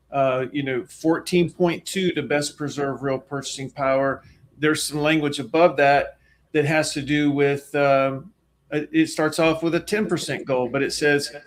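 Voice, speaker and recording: A man's voice: fairly high pitch, a little hiss or hum. A man co-hosting a webinar as a financial planner, talking in an emphatic, folksy way. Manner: emphatic, folksy, talks with his hands on a soapbox. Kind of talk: webinar presentation.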